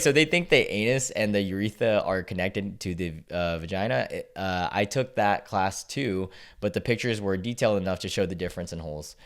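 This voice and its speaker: A man's voice: on the low side, clear, resonant tone. A man hosts a casual reaction video, reading online posts aloud and mocking them. He talks sarcastically, breaks into laughter often and swears freely. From United States.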